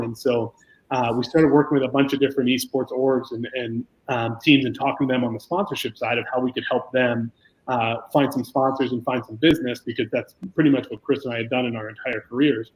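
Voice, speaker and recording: A man's voice: medium pitch, steady tone, brisk, low-quality recording. A man telling the story of starting his business in a casual, self-deprecating way, with frequent restarts. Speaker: esports business founder.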